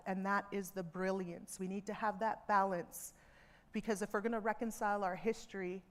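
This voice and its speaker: A woman speaking earnestly to a seminar audience from a theatre stage, measured, with emphatic repetitions. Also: medium pitch. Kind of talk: reflective public talk.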